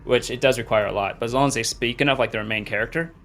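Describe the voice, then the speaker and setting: A man of ordinary pitch chats casually between rounds of a tabletop game. He laughs easily and sometimes slips into mimicking a voice. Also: racing, a bit bright.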